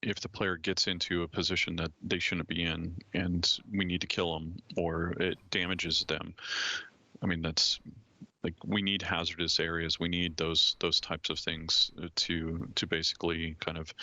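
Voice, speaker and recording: Deep-voiced man explaining haltingly. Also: little pitch movement, pushed and bright, no room sound, highs cut off. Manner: halting, full of fillers and restarts. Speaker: game developer guest. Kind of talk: casual explanation.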